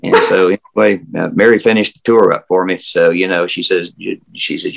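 An older man with a Southern US accent talks with a deep, low voice. He rambles along in a folksy way, full of fillers and restarts, as he tells stories from his working years over a video call. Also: fairly even intonation, a little fast, gravelly, hardly any pauses, rough recording. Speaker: interview guest, former historic house guide. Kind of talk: casual storytelling interview. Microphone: remote video call.

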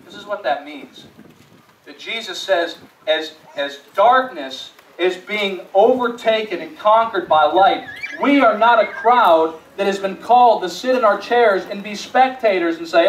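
A male pastor preaching a sermon in a church, dropping to hushed storytelling and rising to emphatic appeals, often repeating words as he restarts phrases. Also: sits high, unhurried, slight background noise. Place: church sanctuary. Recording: echoey church room, mic at a distance.

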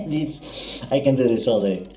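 Excitable gamer with a Spanish accent. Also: male voice, a little hiss or hum. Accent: Spanish-accented English. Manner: excitable, laughs often, voice jumps high when alarmed. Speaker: gameplay streamer. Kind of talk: casual let's-play commentary. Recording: roomy echo with game music behind.

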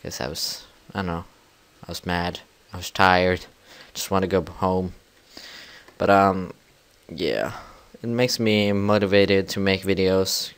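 A young man giving rambling, casual let's-play commentary as a gaming channel host, full of fillers and breaking into sudden loud yells. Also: low-pitched, steady tone, slow, clear, resonant tone.

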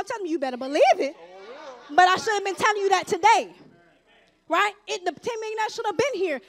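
A woman preaches a testimony in a church sanctuary. Her voice sits very high, and she talks to the congregation in a lively, conversational way, slipping into acted-out dialogue. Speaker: church member giving testimony. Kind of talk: testimony sermon from the pulpit.

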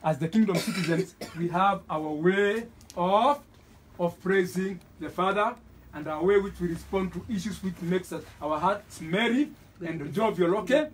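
A man's voice: high voice, normal speed, poor audio. A man leading a gathering at a children's home in call-and-response cheers, with hesitant fillers. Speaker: church leader leading a welcome. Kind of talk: exhortation to a gathering. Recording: crowd and noise in a busy room.

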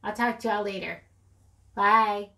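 With a creaky, sharp-toned voice at medium pitch, a middle-aged woman rambles through a casual craft haul vlog. She keeps a steady tone and a measured pace, often laughing at herself self-deprecatingly as the channel's host.

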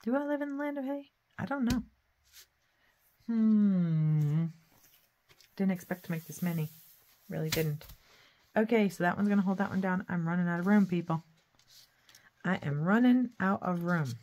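A woman's voice: fairly low pitch, unhurried, long pauses, a little mellow. Folksy chatty woman crafting. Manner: chatty, talks to herself while working, hums and sings nonsense sounds; folksy sayings, playful. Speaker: craft channel host. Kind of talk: casual craft tutorial chat.

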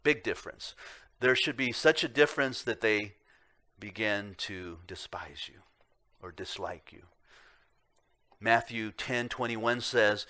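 A man preaching a sermon as pastor, earnest and emphatic, asking the congregation rhetorical questions and swinging between loud emphasis and quiet low remarks. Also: takes it slowly, pauses often. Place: church sanctuary.

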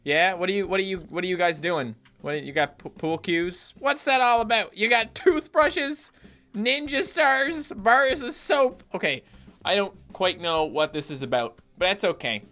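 A man from Newfoundland narrating a game in a jokey, animated way. His voice is bright and clear, and he keeps up a running stream of wisecracks with sudden yelps. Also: on the high side, normal speed. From Newfoundland, Canada. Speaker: gaming YouTuber. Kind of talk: let's-play commentary.

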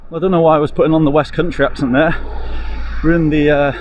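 A man's voice: fairly high pitch, level tone, quick pace, lo-fi sound. A Welsh man vlogging as he walks a windy seaside village, chatting upbeat to viewers through a small clip-on mic. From Wales. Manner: chatty, upbeat, talks straight to viewers as folks. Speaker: travel vlogger. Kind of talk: casual walking vlog. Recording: wind noise on an outdoor mic.

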